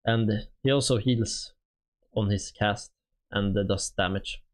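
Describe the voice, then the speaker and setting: A man with a Swedish accent talks through a game's units on a stream, his voice sitting a little low. He reads in a halting, casual way and fills the gaps with lots of "uh"s. He is a native Swedish speaker speaking English. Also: fairly even intonation. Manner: halting, many "uh" fillers while reading out game info. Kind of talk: casual game stream talk.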